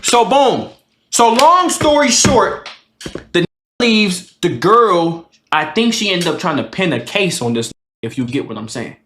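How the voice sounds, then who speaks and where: A man's voice: sits high, very animated, measured pace, sharp tone, echoey room. A man streamer telling a casual storytime in a slangy, profane way, acting out the people in his story.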